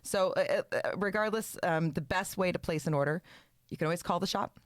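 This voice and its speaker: A woman's voice: fairly low pitch, fairly quick, no echo, clean studio sound. A woman, a bakery owner, chatting casually as an interview guest and laughing easily.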